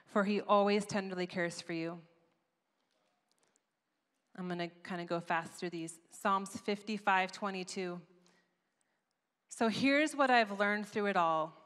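Animated woman preaching in a big hall. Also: mid-range voice, smooth. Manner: animated storytelling, acts out her own past voice. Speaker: conference speaker. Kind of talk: sermon. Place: church auditorium. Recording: long reverb of a large hall.

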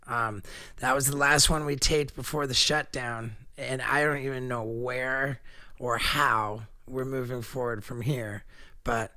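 A male podcast host chats casually and then closes the episode, laid-back and earnest, with casual swearing. His voice is bright and sits at an ordinary pitch for a man. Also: fairly even intonation, measured pace. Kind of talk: casual podcast chat and outro. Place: podcast studio.

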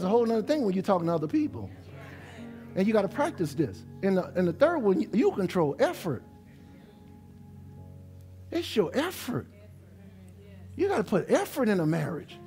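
A middle-aged man from New Orleans with a New Orleans accent, a pastor preaching a lively sermon to his congregation in a church. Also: high voice. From New Orleans, USA. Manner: animated preaching, dialect-rich, talks straight to the congregation. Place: church sanctuary.

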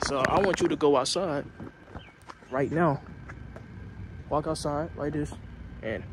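A young man giving an earnest, casual motivational pep talk, repeating himself and pushing his voice louder as he urges the listener on. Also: fairly high pitch, slow pace, long pauses, very noisy. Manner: earnest, repetitive, rising to loud urging. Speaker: vlogger.

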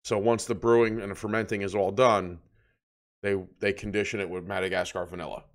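A New Jersey man co-hosts a laid-back beer review podcast, speaking in a lowish voice at a fairly quick clip. He rambles through his tasting notes in a relaxed way, dropping plenty of filler words.

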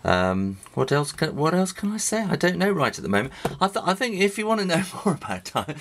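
A man's voice: a little high, big pitch swings, a little fast, a bit bright. A middle-aged man with an English accent explaining drawing in a casual, rambling way, with many fillers and restarts while he draws. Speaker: drawing teacher. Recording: faint noise with pen and writing sounds.

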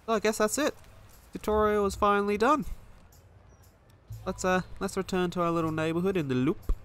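A man's voice: sits high, a little fast, a bit bright, clear, resonant tone. A man giving casual, chatty commentary while playing a video game, reacting as he goes. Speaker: let's play gamer.

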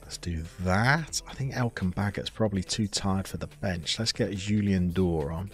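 A man live-streaming a football management game, chatting to viewers and reacting loudly to the play. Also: sits low, normal speed, faint music behind.

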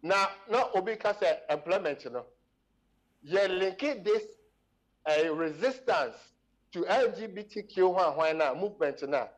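A Ghanaian man with a notably high voice argues his case as a studio panel guest. He switches between Twi and English. His delivery is emphatic and impassioned, close to preaching. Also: lively intonation, a little slow, low-quality recording. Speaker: studio guest addressed as doctor.

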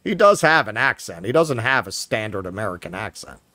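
A man's voice: lowish voice, very animated, a little fast, pushed and bright, no echo. Sarcastic New York man, dry studio sound. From Queens, New York. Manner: sarcastic, profane, reads news aloud with mocking asides. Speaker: podcast co-host. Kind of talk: casual political commentary.

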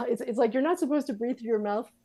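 A woman who writes, acts and leads breathwork, speaking as an interview guest in an earnest, thoughtful way that is quick to laugh. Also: fairly high pitch, a little mellow, rough recording. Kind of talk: interview conversation.

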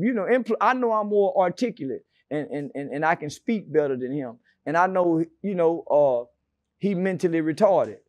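A man's voice: sits high, darkish tone, dry recording. A man being interviewed, telling stories in a brash, profane and mocking way with sarcastic asides. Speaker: interview guest. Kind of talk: casual interview storytelling.

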